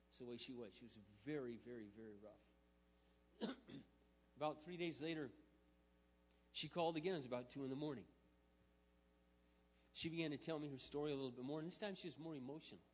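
A male pastor telling a story in a sermon, moving from quiet, intimate storytelling to loud, emphatic preaching. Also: mid-range voice, a little fast, long pauses. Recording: muffled sound with long hall reverb.

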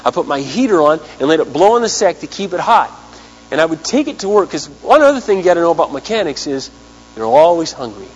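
A man preaching a sermon, telling a story in an animated way and acting out the people he quotes. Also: on the high side, fast talker, slightly rough, dull audio. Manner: animated storyteller, acts out quotes, big swings in loudness. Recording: hum with long hall reverb.

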